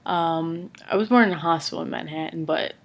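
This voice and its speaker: A woman's voice: low voice, fairly quick. A young woman from Brooklyn, a college student chatting casually in her dorm room for a vlog, hesitant with many fillers. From Brooklyn, New York. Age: young adult. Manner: relaxed, hesitant with many ums and likes. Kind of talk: casual accent challenge vlog.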